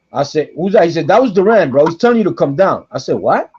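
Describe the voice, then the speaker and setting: Animated high-voiced man telling a story. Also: brisk, slightly rough. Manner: animated, acts out quoted voices, repeats himself. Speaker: guest storyteller. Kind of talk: casual podcast storytelling. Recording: dull lo-fi podcast audio.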